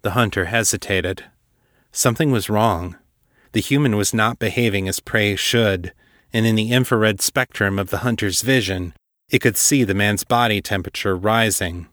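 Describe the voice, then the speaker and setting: Male podcast host, low register, dry close recording, reading fantasy fiction with steady deliberate pacing. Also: no echo. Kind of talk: scripted narration of a dark fantasy story.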